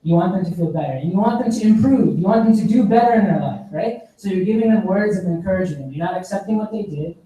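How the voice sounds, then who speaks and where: A man's voice: sits high, animated, quick pace, few pauses, warm tone. A young man giving a Friday sermon in a conversational storytelling way, often checking in with his listeners, in a mosque hall recorded from a distant mic. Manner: conversational, storytelling, frequent "right?". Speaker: khutba speaker.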